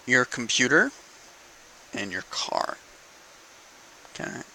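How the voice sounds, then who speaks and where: A man's voice: medium pitch, very animated, slow pace, sharp tone, rough recording. A young man in a casual, profane political rant to camera, asking "okay?" between points. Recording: faint background noise.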